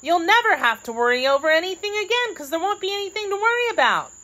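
A woman voicing a cheerful young farm girl who has become a princess, bright and eager. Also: very high voice, sing-song, quick pace, pitched above the performer's own voice, full character voice, poor audio.

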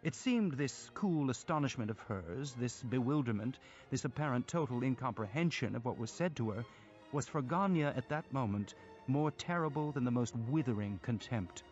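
A man reading a classic novel aloud as an audiobook narrator, in a measured, expressive storytelling manner. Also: medium pitch, muffled recording, faint music behind.

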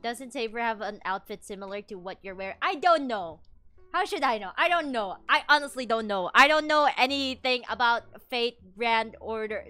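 Lively giggly young-sounding woman streamer. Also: on the high side, normal speed, soft background music. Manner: animated, giggly, rambling with fillers. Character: princess from another world. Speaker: VTuber streamer. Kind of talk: casual livestream chat.

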